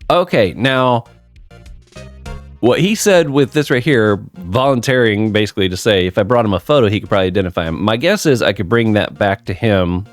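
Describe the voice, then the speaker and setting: A man's voice: fairly low pitch, lively intonation, brisk, faint music behind. A man hosting a let's play, casually thinking aloud with ums as he plays. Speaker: gaming channel host.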